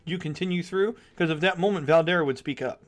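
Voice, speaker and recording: A man's voice: on the high side, fast. A man narrating as game master in a tabletop game, casual, thinking aloud with fillers.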